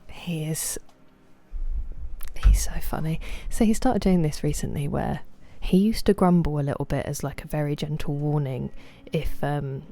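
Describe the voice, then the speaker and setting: A woman's voice: sits low, steady tone, moderate pace, creaky, hardly any pauses, warm tone, a little hiss or hum. A woman in her thirties, a game streamer, chatting casually and rambling to her viewers about her dog. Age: 30s. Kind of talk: casual live-stream chat.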